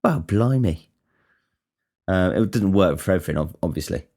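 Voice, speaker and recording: Man, very low voice, casual podcast monologue, sweary, lots of restarts. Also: fairly even intonation, fast, a little mellow. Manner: rambling, sweary, restarts often. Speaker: podcast host.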